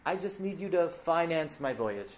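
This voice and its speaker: A man voicing an eager, boastful male explorer pitching a grand voyage to a king and queen. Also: moderate pace, reverberant, slight background noise, close to an everyday voice, poor audio. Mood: eager boasting. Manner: excited, grandiose.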